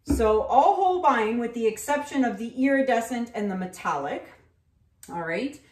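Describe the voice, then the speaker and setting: A woman's voice: a little high, expressive, normal speed, darkish tone. Chatty woman painting in an echoey room. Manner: chatty, rambling, with frequent fillers. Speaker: acrylic pour artist. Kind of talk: casual painting tutorial with storytelling.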